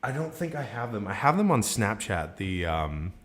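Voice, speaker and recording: A man's voice: fairly low pitch, very animated, moderate pace, fairly bright tone. A man in his twenties hosting a casual podcast chat, telling stories in a joking, laid-back way and swearing freely. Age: 20s. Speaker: podcast host.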